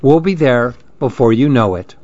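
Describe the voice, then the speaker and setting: A man's voice: medium pitch, lively intonation, moderate pace, warm tone, no echo, natural voice. A man voicing a playful Dominican mother in a storybook reading, teasing and sprinkling in Spanish words. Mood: cheerful. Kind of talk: storybook narration. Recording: dull lo-fi dry recording.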